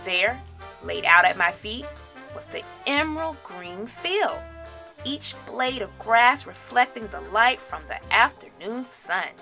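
A woman teacher reading a children's storybook aloud with expressive, animated storytelling. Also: fairly high pitch, slow pace, vocal fry, soft background music.

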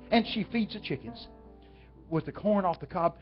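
A man's voice: high-pitched, animated, normal speed. A man from Texas with a Texan accent, preaching through folksy stories and asking the crowd questions. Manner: folksy, talks directly to the audience. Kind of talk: storytelling sermon. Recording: dull lo-fi with faint music.

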